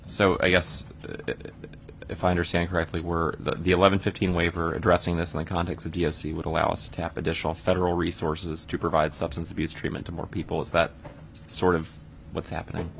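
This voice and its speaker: A man chairing a legislative committee hearing, brisk with short acknowledgments and follow-up questions. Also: deep voice, little pitch movement, gravelly, fairly bright tone, slight background noise.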